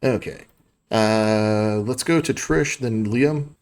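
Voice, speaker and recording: A man from the United States runs a tabletop game as its game master. His voice sits a little low. He talks in halting bursts full of fillers. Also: a little mellow, smooth. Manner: halting, many uh fillers, breaks into quick character voices.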